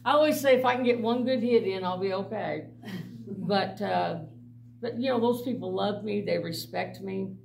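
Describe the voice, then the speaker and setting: Gravelly middle-aged woman telling stories. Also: medium pitch, normal speed. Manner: animated storytelling, laughing often, blunt. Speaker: mission director. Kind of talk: personal testimony to a church group. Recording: distant mic with faint background noise.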